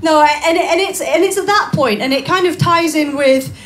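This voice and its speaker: A young woman performing live stand-up in a small bar, chatty and self-mocking with quick asides. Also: sits high. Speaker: stand-up comedian. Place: small comedy bar stage.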